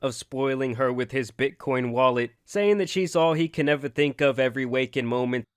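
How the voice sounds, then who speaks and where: A man's voice: mid-range voice, normal speed, clear, resonant tone. A man narrating a commentary video casually, reading out messages with mocking, slangy asides.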